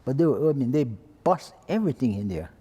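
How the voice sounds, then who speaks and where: A man's voice: mid-range voice, sing-song, quick pace, mellow, slightly rough, big-room sound. A retired fire chief in his eighties with a Hawaiian Pidgin-tinged accent, telling an old story plainly and acting out the voices of people in it. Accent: Hawaiian Pidgin-tinged English. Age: 80s. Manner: plain-spoken, acts out quoted voices. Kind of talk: oral-history storytelling.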